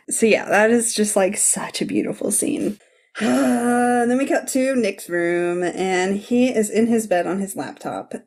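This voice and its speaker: A woman's voice: medium pitch, a little mellow. A woman hosting a podcast, recapping scenes in a bubbly way and laughing often. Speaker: podcast host. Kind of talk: casual chat.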